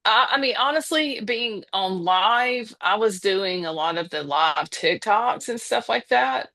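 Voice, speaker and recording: Speaking at a measured pace with lively intonation, this woman has a medium-pitched, sharp-toned voice. In her fifties and from the Southern United States, she talks with a Southern American accent as a podcast guest, hesitant in casual conversation and full of restarts and fillers.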